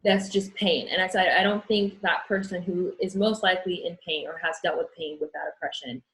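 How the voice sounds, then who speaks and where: A woman's voice: lowish voice, fairly even intonation, a little fast, a bit bright, rough recording. A young woman speaking as an interview guest, frank and earnest, often restarting her sentences. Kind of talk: candid conversation.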